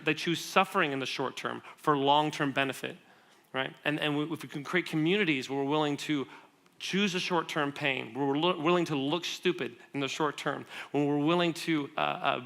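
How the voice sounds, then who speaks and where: A man gives a church sermon in a lively, conversational way, tossing questions to the audience and spinning stories with quick asides. His voice is bright and pitched a little high. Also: gravelly. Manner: animated storytelling with quick asides and laughs. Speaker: guest speaker.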